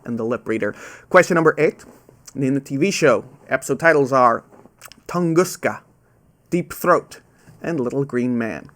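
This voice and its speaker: A man hosting a live online trivia quiz from home over a webcam, casual and self-deprecating, repeating each question slowly, with trouble saying "ow" sounds. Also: mid-range voice, vocal fry, fairly bright tone. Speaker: quizmaster.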